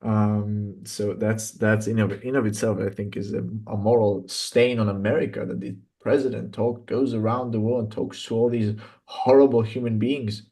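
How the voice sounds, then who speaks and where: A man giving skeptical political commentary as a guest, halting often with restarts and fillers. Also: on the low side, level tone, dark tone.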